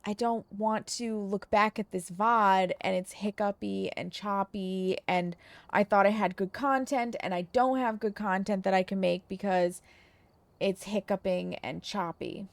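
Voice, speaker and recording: A woman's voice: mid-range voice, fairly even intonation, unhurried, creaky, no echo. A woman streamer talking casually to her viewers, frustrated and venting, with some swearing.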